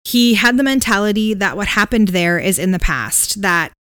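A woman's voice: medium pitch, normal speed, clear, resonant tone, dry recording. Dry-voiced woman telling a spooky story. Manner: relaxed retelling with fillers and hedges. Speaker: podcast co-host.

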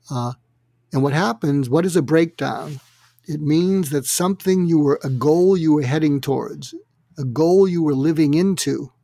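A man telling anecdotes as an interview guest, animated and acting out quotes, with frequent fillers. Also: on the high side, dry recording, clean studio sound. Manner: animated, acts out quotes in other voices. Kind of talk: anecdotal storytelling.

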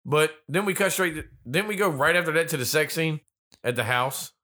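A man's voice: a little high, lively intonation, fairly quick, sharp tone. A man co-hosting a casual movie-review chat, riffing sarcastically and swearing freely. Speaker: podcast co-host.

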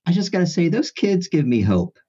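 An easygoing man, a pastor, chatting as a podcast guest with a husky voice that rises and falls a lot. He pauses and hesitates now and then as he talks. The audio sounds slightly dull, with faint music underneath. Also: high voice, sing-song, mellow. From rural New York. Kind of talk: casual podcast chat.

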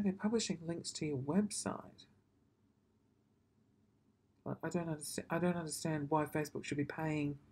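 A man's voice: on the high side, a little mellow. Profane, rambling man. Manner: profane, self-deprecating, quick to apologise. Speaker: vlogger. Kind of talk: casual rambling rant.

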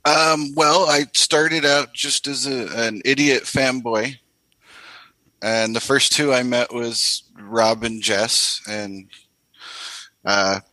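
A man's voice: medium pitch, takes it slowly, no room sound, rough recording. A man, a guest artist on a podcast, chatting casually and acting out quotes as he tells stories. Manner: animated storyteller, acts out quotes.

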